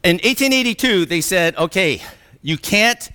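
High, bright-voiced middle-aged man presenting. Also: expressive, normal speed, clear, resonant tone. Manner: conversational, often checks in with "okay?" and "right?"; laughs while telling stories. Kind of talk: anecdotal lecture-style talk. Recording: reverberant hall sound.

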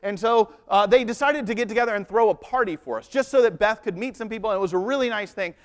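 A pastor, likely in his thirties, preaches a Sunday sermon, telling stories with humor and shifting emphasis. His voice sits high and smooth, and he talks fast.

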